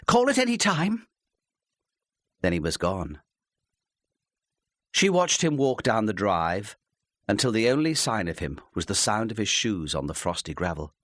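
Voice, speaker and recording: A man narrating an audiobook in a measured, expressive storytelling manner on a close studio mic. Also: deep voice, no room sound.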